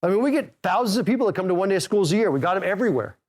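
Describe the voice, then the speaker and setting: A middle-aged man who hosts a golf podcast. He coaches his listeners in an energetic, direct way and keeps calling out "okay?" and "guys". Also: sits high, very fast. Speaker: golf instructor and podcast host.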